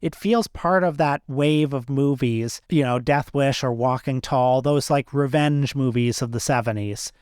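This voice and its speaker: A man in a mid-range voice co-hosts a film podcast, steering the chat in a steady, explanatory way. His voice is smooth and resonant, and the recording is dry and close. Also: medium pitch, measured pace, few pauses, no room sound. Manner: steady, explanatory, leads the discussion. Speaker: podcast co-host. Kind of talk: casual film discussion.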